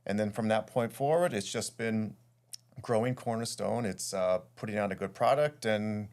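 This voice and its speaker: A man's voice: on the low side, normal speed, a little mellow. New man telling his career story. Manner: conversational storytelling with fillers and restarts. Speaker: guest, title insurance executive. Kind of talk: casual interview conversation.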